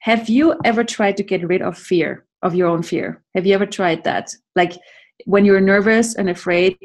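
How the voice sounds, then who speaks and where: A woman's voice: medium pitch, moderate pace. A middle-aged woman leading a workshop on a video call, talking playfully and laughing often. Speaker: workshop facilitator. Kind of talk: live online class talk.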